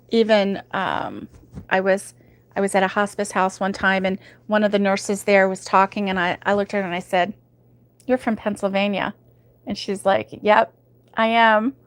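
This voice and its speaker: A woman's voice: mid-range voice, no echo. A woman hosting a crochet livestream from home, chatting casually and giggling often as she reads viewer comments. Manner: chatty and giggly, with many ums.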